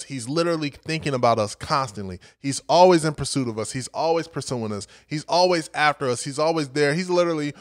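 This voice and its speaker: A man preaching to young adults, reading scripture and telling stories in a conversational, energetic way. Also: on the high side, no room sound, clean studio sound. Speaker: young adult ministry speaker.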